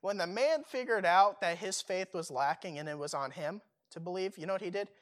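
A man's voice: sits high, a little fast, a bit bright. Young man preaching casually. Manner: casual, conversational preaching with fillers and rhetorical questions. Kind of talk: sermon.

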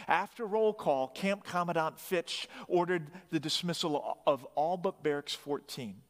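A man tells a grim story slowly and dramatically, pressing hard on the key phrases. His voice sits a little high, and a long reverb trails behind every word.

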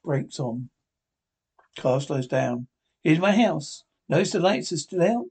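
A sly henpecked husband in a 1950s radio drama who leans in to confide his scheme. His voice is fairly high and husky, and he sounds pleased with his cleverness. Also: lively intonation, slow, darkish tone, full character voice. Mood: scheming. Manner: confiding, conspiratorial, eager to show off.

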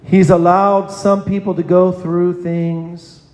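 Man, fairly high voice, earnest pastor preaching, church sanctuary, roomy echo. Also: level tone, slow, a little mellow. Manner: earnest, addresses children in the congregation by name. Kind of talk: sermon. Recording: echoey hall with long reverb.

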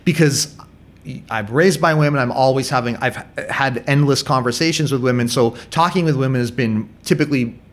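A man's voice: mid-range voice, fairly quick. A man in his thirties in a casual podcast chat, candid and self-deprecating, often restarting his sentences.

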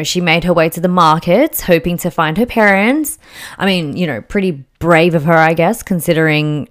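A young woman telling a story casually, chatty and full of fillers and jokey asides. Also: on the low side.

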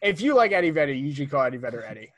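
A man's voice: a little high, very animated, rapid-fire, fairly bright tone. A young man co-hosting a podcast, joking and teasing in casual chat. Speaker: podcast co-host.

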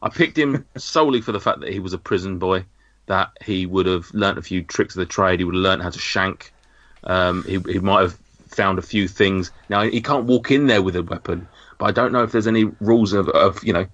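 A man's voice: sits low, brisk, a bit bright, no room sound, highs cut off. A man hosting a podcast in casual, rambling banter, swearing and restarting his sentences. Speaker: podcast host.

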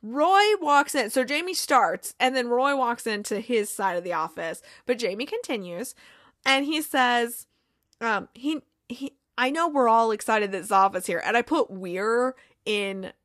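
A woman hosting a casual episode recap, retelling scenes with quick quoted dialogue and frequent laughs. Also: a little high, animated, fairly bright tone, no echo, clean studio sound. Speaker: podcast host recapping a TV episode.

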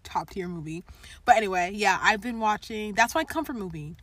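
Animated young woman chatting casually. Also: mid-range voice. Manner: animated, quick to laugh, rambling. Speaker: podcast co-host. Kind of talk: casual chat.

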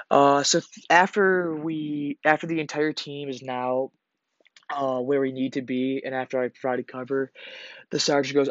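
Young male podcast host, casual storyteller, rambling and profane, mid pitch, dry lo-fi recording. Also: dry recording. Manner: rambling, profane, with frequent restarts and fillers.

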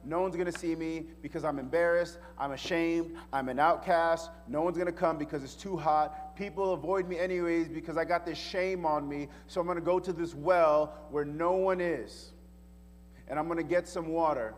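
A man's voice: sits high, expressive, measured pace, faint music behind. A man voicing a blunt, ashamed Samaritan woman at a well, retorting in casual slang. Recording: echoey hall reverb.

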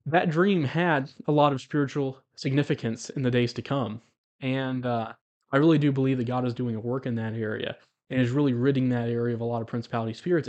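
A man telling the story of a dream as a spiritual testimony to viewers, chuckling as he speaks and closing with preachy exhortation. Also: fairly high pitch. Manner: animated, chuckles as he tells it. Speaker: Christian video blogger.

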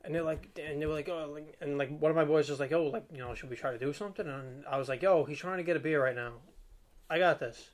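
A young man rattles off a story in loose, slangy chat. His delivery is quick and a touch high-pitched, full of filler and asides. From Staten Island, New York. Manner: rambling, slangy, laughs while telling.

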